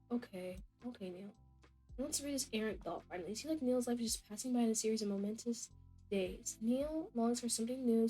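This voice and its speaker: A woman's voice: a little high, dark tone. A woman chatting casually over a life-simulation game, guessing what the characters think and scolding them. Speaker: gameplay narrator. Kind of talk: casual gameplay commentary.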